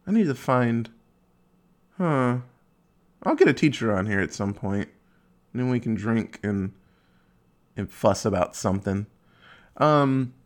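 A young man hosting a casual solo podcast, rambling and swearing, joking at his own expense and dropping into quick silly voices. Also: on the low side. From Ohio, USA. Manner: rambling, profane, self-mocking, acts out quick silly voices. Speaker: podcast host.

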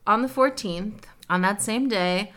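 A young woman co-hosting a podcast tells a story in a chatty, casual way, saying "like" a lot and acting out quotes. Her voice is mid-range and fairly bright, and her pace is unhurried.

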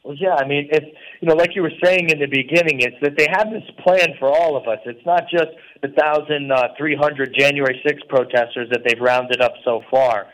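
A man's voice: fairly high pitch, moderate pace, hardly any pauses, fairly bright tone, rough recording. A man calling in from prison as a guest on a talk radio show, speaking earnestly and rambling with many fillers.

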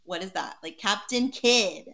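Giggly bright-voiced woman reading a story. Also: mid-range voice, expressive, unhurried, creaky. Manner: giggly, breaks into laughter while reading. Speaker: podcast co-host reading a story aloud. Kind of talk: casual story reading with banter.

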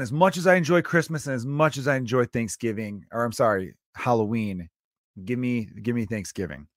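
A man riffs in a loose, comedic rant, dropping curses and slipping into sarcastic quoted voices. His pitch sits in an ordinary middle range. The sound is dry and close, with no room around it. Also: no echo. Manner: profane, sarcastic, acts out quotes.

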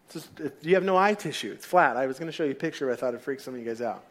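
A man's voice: mid-range voice, animated, racing. A man preaching a sermon in a casual storytelling way, acting out the people in the story. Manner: casual storytelling, acts out voices.

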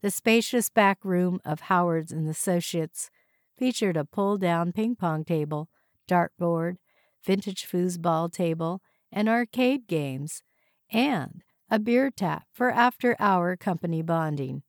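A woman reading a novel aloud as audiobook narrator in an even, measured way. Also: fairly low pitch, no echo, studio quality.

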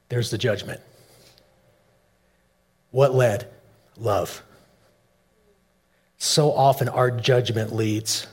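A man preaching a sermon, shifting between soft low asides and loud, emphatic peaks. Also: breathy edge. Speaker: pastor.

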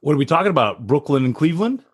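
A man's voice: on the high side, very animated, racing, husky, dry recording. A man with a mid-range voice that swings up and down a lot talks sports on a casual podcast. He is eager and emphatic as he runs through his notes. The recording is dry, with no room sound.

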